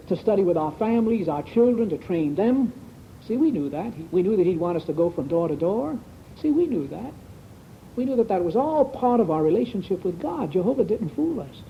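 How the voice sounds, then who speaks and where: A man giving a conversational Bible talk at a congregation meeting, folksy, asking rhetorical questions and repeating "see?" and "sure". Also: high-pitched. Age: 1970s recording. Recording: muffled old lo-fi tape with faint hiss.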